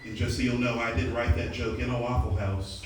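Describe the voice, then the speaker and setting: A man's voice: medium pitch, little pitch movement, a little fast, heavy background noise. A man from the American South, doing profane live stand-up comedy and bantering with the crowd. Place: underground comedy club. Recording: distant mic in an echoey club, loud crowd.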